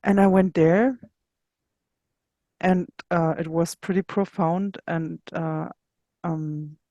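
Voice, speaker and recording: A woman being interviewed who tells a candid personal story in a searching way, often pausing to find her words. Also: fairly low pitch, dark tone, no echo. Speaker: interview guest.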